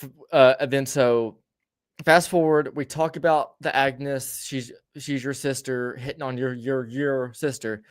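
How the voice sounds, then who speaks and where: A man's voice: medium pitch, steady tone, unhurried, smooth. Male podcast host, casual storyteller, profane and rambling, lots of restarts.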